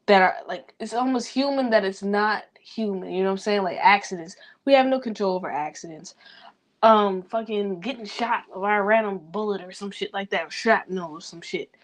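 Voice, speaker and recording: A young woman venting in a rambling personal vlog, talking quickly, swearing a lot and talking to herself. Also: mid-range voice. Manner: fast, rambling, heavy swearing, self-talk. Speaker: vlogger.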